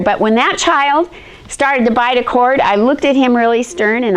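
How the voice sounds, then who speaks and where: A middle-aged woman teaching a history lesson, telling personal stories in an animated way and acting out the quotes. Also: sits high, normal speed. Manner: animated storyteller, acts out quotes in shifting voices.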